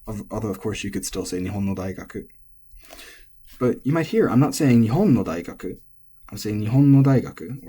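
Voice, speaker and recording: Man, low voice, husky, relaxed tutor, informal lesson, thinks aloud. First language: English. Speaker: language teacher. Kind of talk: explaining Japanese pitch accent.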